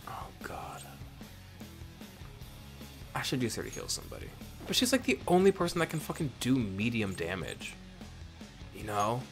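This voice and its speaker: A man chatting through a video game, rambling off on tangents and swearing freely in a playful, self-mocking way. His pitch swings widely and lively, with faint game music under him. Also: brisk. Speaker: let's play host. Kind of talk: casual gameplay commentary.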